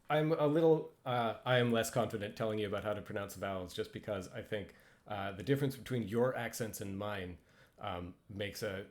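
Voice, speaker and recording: A man casually teaching pronunciation over slides, hesitant and self-deprecating, with frequent ums and restarts. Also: lowish voice. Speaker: language instructor.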